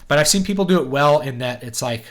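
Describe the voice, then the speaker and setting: A man hosting a writing livestream, answering chat questions in a halting, thinking-aloud way with many pauses. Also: medium pitch, lively intonation, fairly bright tone.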